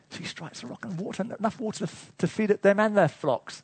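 Husky high-voiced male preacher. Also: quick pace, hardly any pauses, no room sound. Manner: lively storytelling with chuckles, asides to the congregation. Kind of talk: sermon.

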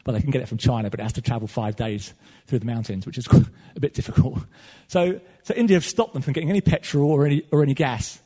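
Man, preacher, sermon, husky, long hall reverb. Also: mid-range voice, quick pace, hardly any pauses. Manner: animated preaching, swinging from loud to soft.

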